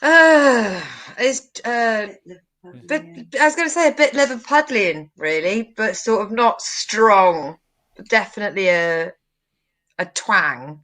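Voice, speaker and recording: A woman co-hosting a comedic news chat, animated and quick to exclaim. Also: mid-range voice. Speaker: co-host.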